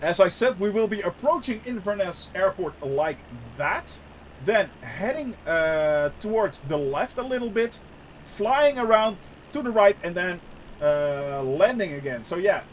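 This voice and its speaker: A young man giving casual live commentary on a flight sim, chatty, laughing often and filling pauses with "uh". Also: sits high, expressive, slight background noise. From Netherlands.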